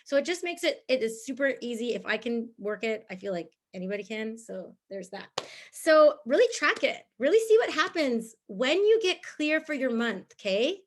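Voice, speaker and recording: A bubbly woman coaching her sales team, her voice a little higher than most. She talks in a chatty, upbeat way, full of fillers, and laughs easily. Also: very animated, normal speed. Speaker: team leader. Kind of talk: motivational group talk.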